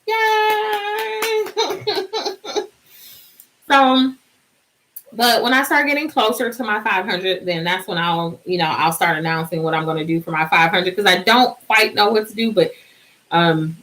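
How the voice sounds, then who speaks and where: A woman's voice: on the low side, moderate pace, fairly bright tone, low-quality recording. A woman hosting a casual live stream, chatty and bubbly, sleepy and singing out little cheers.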